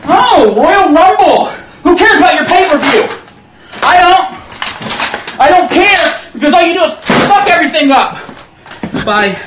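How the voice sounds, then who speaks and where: A man ranting furiously in a home clip, shouting and cursing, out of breath. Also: very high voice, lively intonation, measured pace. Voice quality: shouting and cursing, then muttering. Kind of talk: furious rant. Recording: echoey room with loud background noise.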